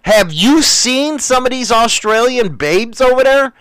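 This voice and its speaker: A man's voice: very high voice, animated, unhurried, fairly bright tone, smooth, dry recording. Crude rambling American man. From United States. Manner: rambling, crude, joking, lots of fillers. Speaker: live stream host reading chat. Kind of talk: casual crude chat.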